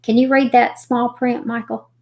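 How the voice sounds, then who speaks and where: A woman hosting a live stream, reading missing persons reports aloud haltingly, with folksy chatty asides. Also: on the high side, little pitch movement, a little mellow. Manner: reads haltingly, stumbling over names and restarting.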